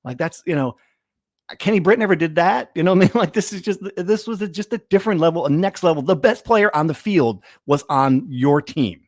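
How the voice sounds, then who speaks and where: A man's voice: on the high side, animated, fairly quick, no echo, clean studio sound. A man hosting a casual sports podcast, rambling and trailing off as he talks. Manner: rambling, self-deprecating, trails off. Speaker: podcast host.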